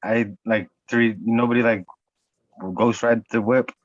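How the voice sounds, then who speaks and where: A man from the US West Coast talking in a quick, profane, casual chat, a little away from the mic. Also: medium pitch, level tone, dry recording, highs cut off.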